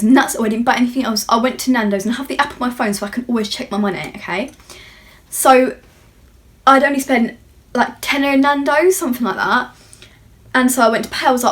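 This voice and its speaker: A young British woman talks through a long shopping story as she does her makeup. Her voice sits a little high, and she rambles and corrects herself as she goes. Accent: British English. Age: young adult. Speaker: beauty vlogger. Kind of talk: chatty get-ready-with-me storytime.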